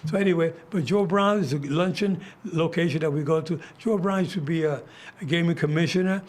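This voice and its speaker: An older American man hosts a talk show, his voice a little high, brisk and a little mellow. He tells casual stories, restarting often and filling pauses.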